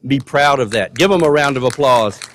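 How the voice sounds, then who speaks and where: A man's voice: medium pitch, lively intonation, fairly quick, a little hiss or hum. An older man giving a folksy, earnest commencement speech, repeating words for emphasis. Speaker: commencement speaker. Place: large college gymnasium. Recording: long hall reverb.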